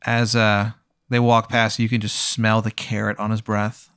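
A man who hosts and runs the game improvises a comedic story, rambling, laughing as he talks, and packing in "like" fillers. His voice is fairly low, monotone, smooth, and fairly bright, at a measured pace, in clean studio sound with no echo.

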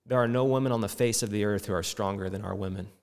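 A man's voice: fairly low pitch, fast, a little mellow. A middle-aged man preaching a sermon with impassioned, rising and falling delivery. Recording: long reverb in a hall.

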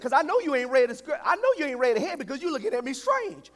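Male pastor, very high voice, joking sermon, call-and-response, long church echo. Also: big pitch swings, quick pace, few pauses. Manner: humorous, call-and-response preaching. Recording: echoey hall.

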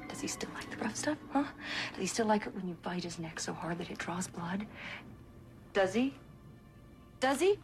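A woman's voice: lowish voice, moderate pace, faint music behind, natural voice. Actress as a menacing ex-spy woman. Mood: menacing whisper. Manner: taunting, drops to a menacing whisper. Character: ruthless female ex-spy, cold and menacing.

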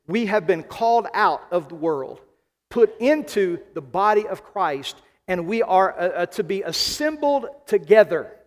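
A man from the American South preaching a sermon as pastor, emphatic, slowing and repeating key phrases. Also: high-pitched, lively intonation. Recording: long hall reverb.

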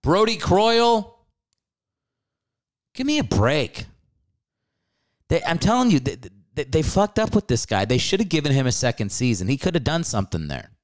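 A man's voice: medium pitch, sing-song, fast, hardly any pauses, a little mellow. A man hosting a podcast, ranting about sports in a casual comedic way. He swears freely and laughs often. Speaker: podcast host.

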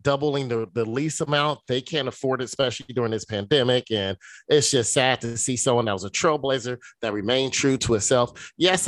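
A man co-hosts a podcast in casual chat, earnest and reflective, speaking straight to his co-host. His voice is mid-pitched. The sound is dry and close. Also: a bit bright, no echo.

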